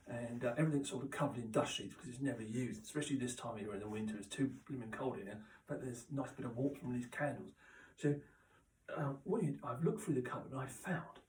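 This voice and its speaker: A man's voice: mid-range voice, a little mellow. Rambling man in a roomy room. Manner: rambling, halting, full of restarts and asides. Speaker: comic character host. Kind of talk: rambling deadpan comedy monologue. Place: chilly indoor room. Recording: roomy echo, mic at a distance.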